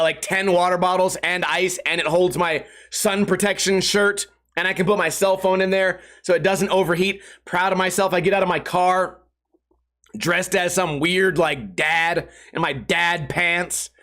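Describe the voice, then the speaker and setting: A man with a fairly high voice hosts his own podcast and tells a long story as a casual rant. He swears freely and acts out the people he quotes with comic voices. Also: a bit bright. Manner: profane, comedic. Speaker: podcast host.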